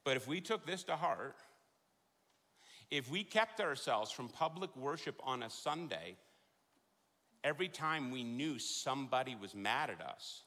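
A middle-aged man preaching a sermon in a large church, joking and then driving points home with loud emphasis. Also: mid-range voice, measured pace, long pauses. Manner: animated, jokey preaching with sudden loud emphasis. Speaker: pastor. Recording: long hall reverb.

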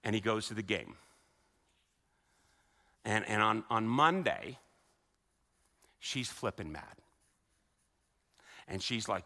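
A man preaching a sermon as a pastor, conversational and animated, acting out the voices of the people he quotes. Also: medium pitch, measured pace, long pauses. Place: church sanctuary. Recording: long reverb of a large hall.

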